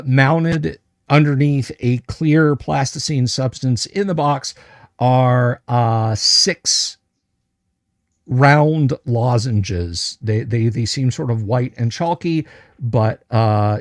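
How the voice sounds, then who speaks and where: A male game master narrates a tabletop livestream at an unhurried, deliberate pace. He circles through fillers and restarts as he describes each object, and his voice sits in the middle of the range. The sound is dry and close, with no room around it. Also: mid-range voice, no room sound. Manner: hesitant, many fillers and restarts; describes items slowly and carefully.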